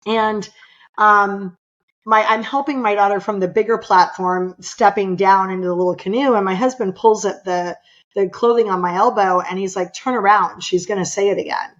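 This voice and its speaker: A woman's voice: mid-range voice, steady tone, moderate pace, dull audio. A middle-aged woman from California, a podcast guest telling a personal story with emphatic, impassioned delivery. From California, USA.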